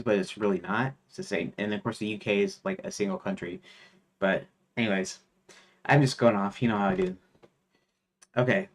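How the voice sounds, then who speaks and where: A man streaming his game development work, rambling casually with lots of fillers and restarts, reading items off a list. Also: fairly low pitch. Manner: rambling, thinks aloud with many fillers and restarts, reads lists off screen. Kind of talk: casual rambling devstream talk.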